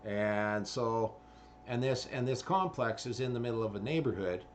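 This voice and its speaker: A man's voice: mid-range voice, moderate pace, slight background noise. A man, ranting in a rambling commentary full of swearing and fillers. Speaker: vlogger.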